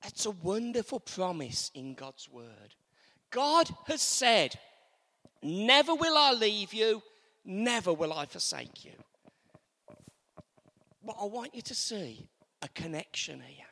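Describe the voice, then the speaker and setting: Male preacher, high lively voice, hall reverb, call-and-response sermon. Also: slow, long pauses. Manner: animated, repetitive call-and-response with congregation. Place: church.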